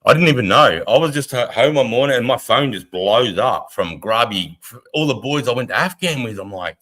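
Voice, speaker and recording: A middle-aged Australian army veteran co-hosting a casual live stream, blunt, rambling and heavily profane. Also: male voice, mid-range voice, animated, normal speed, few pauses, a bit bright. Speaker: livestream co-host, army veteran.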